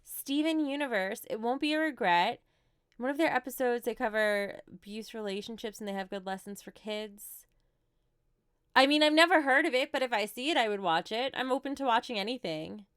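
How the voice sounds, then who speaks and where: A woman's voice: fairly high pitch, animated, a little fast, fairly bright tone, clean tone, no room sound, clean studio sound. A woman in her thirties with a New Jersey accent, chatting casually on a livestream as she answers viewer questions with light laughs. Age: 30s.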